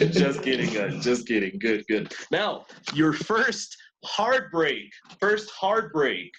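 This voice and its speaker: A man's voice: a little high, very animated, very slow, fairly bright tone, slight background noise, low-quality recording. A man teaching English online, patient and repetitive, switching into to explain. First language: Spanish.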